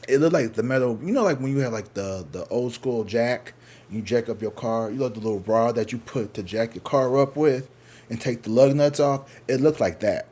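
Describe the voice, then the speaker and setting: Profane, animated man telling a story. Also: medium pitch, moderate pace. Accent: St. Louis. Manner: profane, animated, acts out other people's lines. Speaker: tarot reader telling a story. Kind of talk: casual storytime monologue.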